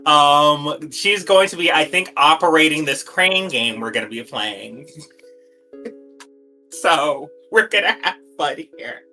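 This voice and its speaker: A woman's voice: sits low, unhurried, pushed and bright, soft background music. A player joking around while introducing her character, with playful asides. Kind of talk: casual chat.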